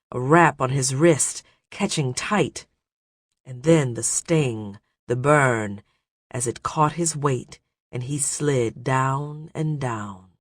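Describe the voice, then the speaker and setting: Slow, measured male audiobook narrator. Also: medium pitch, no room sound, studio quality. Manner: steady, measured storytelling. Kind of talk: scripted narration.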